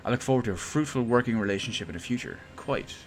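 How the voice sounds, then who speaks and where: A man voicing a boastful male robot inventor who speaks in grand, old-fashioned phrases and pitches for money. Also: animated, fast talker, soft background music, close to an everyday voice. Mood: pompous.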